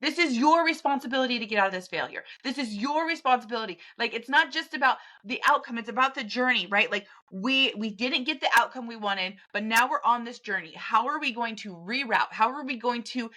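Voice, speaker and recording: A woman's voice: on the high side, brisk, hardly any pauses, pushed and bright. A woman hosting a podcast, speaking straight to the listener in a direct, emphatic motivational monologue. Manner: direct, pep-talk, blunt and emphatic. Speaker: podcast host.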